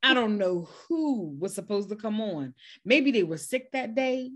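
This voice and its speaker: A woman's voice: mid-range voice, lively intonation, measured pace. A woman co-hosting a podcast in casual chat, talking in an emphatic, dramatic way. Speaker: podcast co-host.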